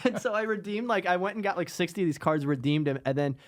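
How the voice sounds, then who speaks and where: A man guest on a comedy podcast, telling a self-mocking story in quick, animated banter. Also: high-pitched.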